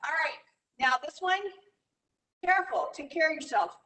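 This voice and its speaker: A woman theatre teacher leading clown warm-ups on a video call, playful and loud, laughing often, heard from a few steps away from a laptop mic in a room. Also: high-pitched, normal speed. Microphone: laptop camera mic from a few steps away. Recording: echoey room, far from the mic.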